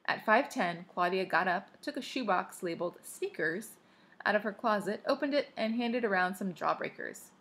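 A woman reading a children's novel aloud in a lively way, now and then stopping to remark on the text. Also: on the low side. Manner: lively, breaking off to comment on the text. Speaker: reader.

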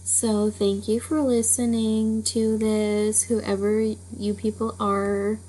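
A woman's voice: medium pitch, little pitch movement, slow pace, warm tone, poor audio. A woman hosting a storytelling channel, giving a rambling, casual spoken intro with many fillers. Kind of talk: casual chatty intro to a reading.

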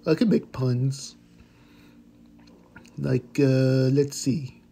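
A man voicing a cheerful, eager pitbull puppy, commenting on gameplay with excitable gasps and goofy puns. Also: mid-range voice, very slow, vocal fry, background noise. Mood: excited. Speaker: game commentator.

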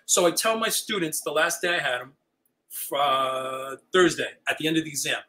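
An older man, a retiring high school teacher, telling stories as an interview guest and acting out the dialogue. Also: normal speed, low-quality recording. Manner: animated, acts out quoted dialogue. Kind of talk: storytelling chat.

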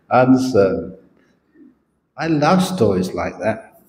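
A Buddhist monk tells stories during a morning dharma talk, and he speaks slowly in a warm, mellow voice. He is a playful and animated storyteller. The recording rings in an echoey meditation hall, with faint room ambience behind him. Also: on the low side.

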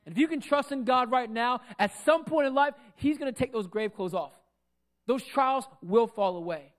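A man preaching a sermon as pastor into a microphone in a church, with a loud, projecting voice that swings between big declarations and soft asides. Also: very high voice, moderate pace. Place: church sanctuary.

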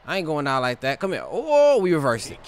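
A man giving loud, trash-talking live commentary while playing a wrestling game. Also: medium pitch, lively intonation, fast, clear, resonant tone. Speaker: gaming channel host.

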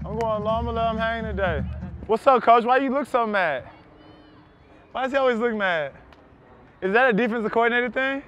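A young man, a pro football wide receiver, joking and trash talking loudly at practice on a wireless body mic outdoors. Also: very high voice, brisk, pauses often, dull audio. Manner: loud, joking, teasing trash talk. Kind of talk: mic'd up banter at practice.

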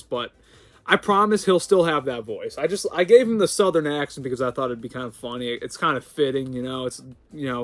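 Excitable chatty American man. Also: medium pitch, a little fast, dry recording. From United States. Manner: chatty and excitable, rambling, with sudden loud outbursts and laughs. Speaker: gaming channel host. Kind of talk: casual gameplay commentary.

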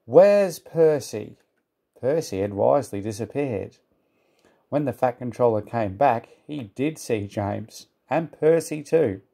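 A man reading a children's storybook aloud in a calm, even manner. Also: medium pitch, a little slow, creaky.

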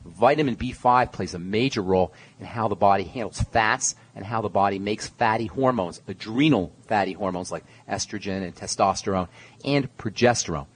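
Brief: male health talk radio host, low-ish voice, emphatic and opinionated, lecturing listeners. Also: normal speed, breathy edge.

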